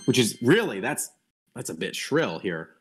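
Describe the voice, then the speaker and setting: A man's voice: on the low side, big pitch swings, normal speed, music in the background. A young man giving a casual online lecture over a voice call, thinking aloud with frequent restarts and fillers and blunt opinionated asides. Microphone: computer mic on a voice call.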